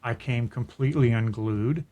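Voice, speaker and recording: A middle-aged man speaking at a mid pitch, neither high nor low. He talks in an earnest, reflective way and tells his personal story as casual podcast chat, often restarting a thought. His voice is plain and steady. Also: moderate pace. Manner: earnest, reflective, with frequent restarts and soft laughs. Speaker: podcast co-host.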